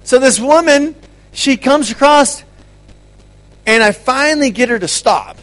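A high-voiced male ministry speaker gives an animated teaching talk to a gathered group at a measured pace. He laughs often and stumbles over repeated words while telling his stories.

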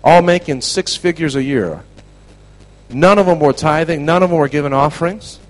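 Animated preacher man, hushed to shouting. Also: fairly high pitch, moderate pace, poor audio. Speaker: preacher teaching a class. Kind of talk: storytelling sermon.

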